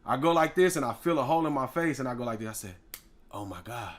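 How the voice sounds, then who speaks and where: A man is in the middle of a long, animated story. He keeps slipping into other people's voices and shouting out sound effects. His voice sits at an ordinary middle pitch for a man. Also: fast. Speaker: guest rapper.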